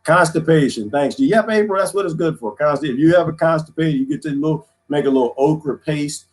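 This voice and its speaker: Drawling man rambling deadpan. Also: on the high side, fairly quick. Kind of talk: rambling comic monologue.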